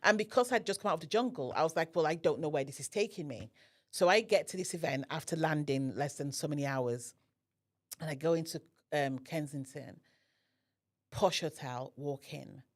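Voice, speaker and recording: Low-voiced woman telling a story. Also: moderate pace. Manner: animated, acts out quoted dialogue. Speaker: podcast guest. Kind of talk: personal storytelling in conversation.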